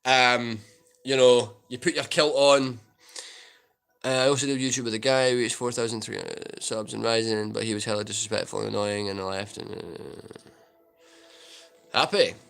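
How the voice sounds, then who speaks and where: Chatty Scottish man, bright voice. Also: mid-range voice, little pitch movement, moderate pace, gravelly, long pauses, clean tone, soft background music. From Scotland. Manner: joking, chatty, reads and answers viewer comments. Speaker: livestream host answering chat. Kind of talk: casual livestream Q&A.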